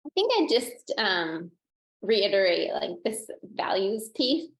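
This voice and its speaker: Gravelly woman in an echoey room. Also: mid-range voice, very animated, slow pace. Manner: chatty, with many "um" and "like" fillers. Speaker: former college interviewer panelist. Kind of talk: webinar advice talk.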